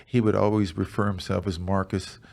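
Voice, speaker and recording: A man in his sixties, a guest on a podcast, chatting casually in a relaxed storytelling way with many restarts. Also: low voice, fairly quick, vocal fry. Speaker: guest, retired football player. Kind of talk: casual chat.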